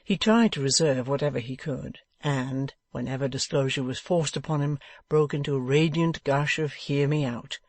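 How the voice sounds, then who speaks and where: A classic novel is narrated audiobook-style by a medium-pitched man whose storytelling stays even and unhurried, with no echo in the sound.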